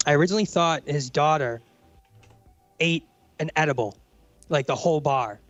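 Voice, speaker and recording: A man's voice: on the high side, moderate pace, dry recording, faint music behind. Rambling, swearing young man, dry lo-fi mic. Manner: rambling, heavy swearing, says bro and dude. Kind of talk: casual chat storytelling.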